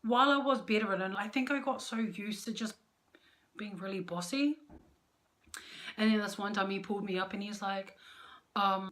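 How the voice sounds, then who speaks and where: A woman's voice: mid-range voice, steady tone, normal speed, pauses often, a bit bright. A young woman giving marriage advice to camera in casual chat, candid, playful and poking fun at herself. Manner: candid, playful and self-mocking. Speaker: vlogger.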